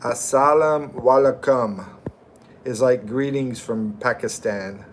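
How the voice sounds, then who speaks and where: On a casual livestream, a middle-aged U.S. host reads out viewer comments and names in a slow, amiable way, chatting as he goes. His voice is mid-range, with a faint hiss or hum in the audio.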